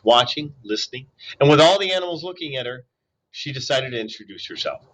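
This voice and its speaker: A man reading a children's novel aloud in an expressive way, with asides to young listeners. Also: mid-range voice, poor audio. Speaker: reader.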